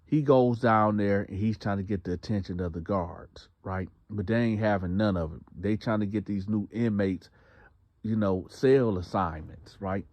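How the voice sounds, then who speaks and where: A man's voice: lowish voice, normal speed, no echo. A man casually telling a story in a slangy, plain-spoken way, often repeating words. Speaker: storyteller host. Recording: dull lo-fi dry recording.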